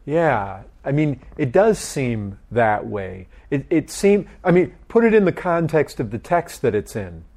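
A man's voice: mid-range voice, very animated, a little mellow. A middle-aged man leading a group Bible study, asking questions and often repeating his words. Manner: slow, questioning, repeats phrases.

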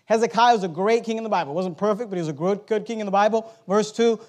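A man preaching a sermon, reading scripture aloud and swinging between loud, emphatic exhortation and low, urgent asides. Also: fast talker, hardly any pauses.

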